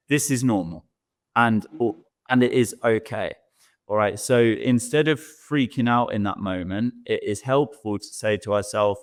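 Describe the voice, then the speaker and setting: Man, lowish voice, earnest coaching tone, sex advice talk. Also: moderate pace. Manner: earnest, coaching, acts out quoted thoughts. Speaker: co-host, sex expert.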